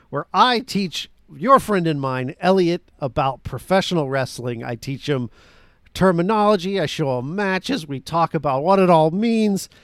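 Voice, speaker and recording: A man co-hosting a podcast in casual chat, joking and making quick asides. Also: a little high, no room sound, clean studio sound. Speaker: podcast co-host.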